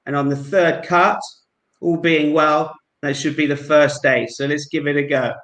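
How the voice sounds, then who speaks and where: A man's voice: fairly high pitch, fairly even intonation, moderate pace, a bit bright, roomy sound, poor audio. Friendly man with a London accent. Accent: London English. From England. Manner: polite and friendly, narrates each move. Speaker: guest amateur magician. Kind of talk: casual card-trick performance with patter.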